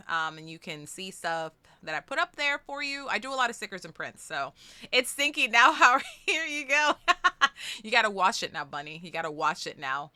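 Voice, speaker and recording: A young woman hosting a charity live stream, chatting casually and excitably, swearing freely and swinging from chatty to squealing. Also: fairly low pitch, smooth, no room sound.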